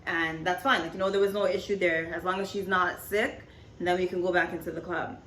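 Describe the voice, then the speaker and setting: A woman's voice: lowish voice, fairly even intonation, fairly quick, fairly bright tone, slight background noise. A woman in her twenties telling a story to camera in a rambling, casual way, full of "like, you know". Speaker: storytime vlogger. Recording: echoey room.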